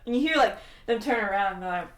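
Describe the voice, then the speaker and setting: A woman's voice: medium pitch, lively intonation, fast talker, fairly bright tone. A woman narrating as game master, laughing often and putting on voices for the characters. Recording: echoey room, mic from far off.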